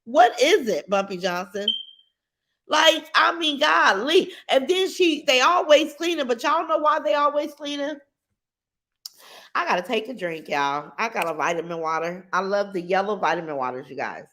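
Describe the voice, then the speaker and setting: A woman's voice: on the high side, moderate pace. A middle-aged woman hosting a casual livestream, bluntly giving her opinions and reading comments from chat. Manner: blunt, opinionated, animated, addresses chat directly.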